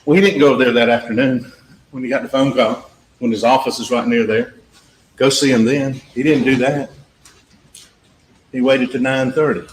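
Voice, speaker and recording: Speaking to the jurors face to face, this male trial attorney makes his closing argument at a normal speed, pausing often, in a medium-pitched voice with fairly even intonation. He is emphatic and repetitive, drives his points again and again, and reenacts witness exchanges. The courtroom audio is echoey, with faint noise in the background.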